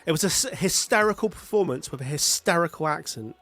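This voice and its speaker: A man's voice: on the high side, animated, fast talker, pushed and bright. A man co-hosting a casual film review podcast, joking dryly and restarting his sentences. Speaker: podcast co-host.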